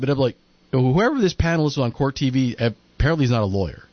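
Animated man in casual commentary. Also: mid-range voice, quick pace, dry recording. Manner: animated, acts out quotes in mocking voices. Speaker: podcast co-host. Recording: lo-fi muffled audio.

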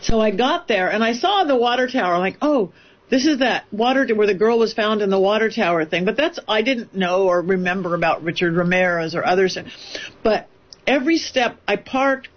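A woman psychic medium telling a story in an interview, animated and rambling, often restarting her sentences. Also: mid-range voice, brisk, muffled recording.

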